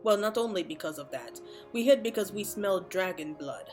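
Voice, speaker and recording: A woman's voice: medium pitch, animated, fairly quick, darkish tone, soft background music, natural voice. A woman voicing a big, pompous male Moogle chieftain in a game, reading his lines in a stately, old-fashioned way. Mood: grave. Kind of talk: reading game dialogue aloud.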